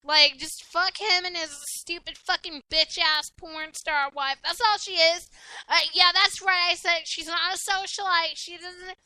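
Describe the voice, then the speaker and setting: A woman's voice: very high voice, fairly even intonation, a little slow, pushed and bright, no room sound, rough recording. A woman co-hosting a casual podcast, blunt and rowdy, swearing freely and often laughing. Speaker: podcast co-host. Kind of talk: casual profane chat.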